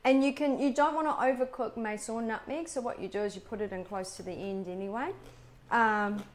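A woman's voice: on the high side, brisk. A woman hosting a live cooking demonstration, explaining recipe steps. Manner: chatty, explains steps as she goes. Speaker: cooking show host.

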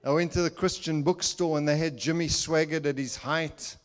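A man's voice: on the high side, normal speed, clean tone. An older man preaching in a church, telling a personal story with laughter and acted-out quotes. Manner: animated, laughing storyteller who acts out quotes. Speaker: guest speaker.

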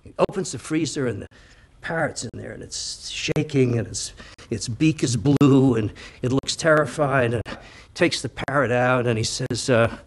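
A man's voice: mid-range voice, moderate pace. An older man telling a long joke with many "uh" fillers, acting out each part. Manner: animated, lots of "uh" fillers, acts out the voices. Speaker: joke teller.

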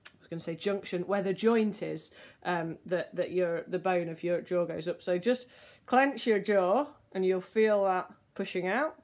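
Gentle woman guiding a vocal warm-up. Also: lowish voice. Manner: gentle, soothing, slow guiding instructions. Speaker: voice teacher. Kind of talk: guided vocal warm-up lesson.

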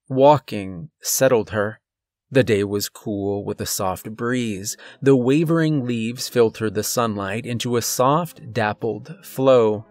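A man narrating a horror story in a measured, scripted storytelling delivery. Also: on the low side.

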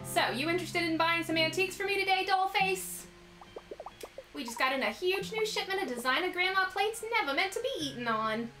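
A woman's voice: very high-pitched, lively intonation, brisk, background noise, voice pushed up. A woman voicing a brassy old grandma who runs an antique shop, in a put-on New York accent and folksy manner full of pet names. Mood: sassy. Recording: echoey room with music behind.

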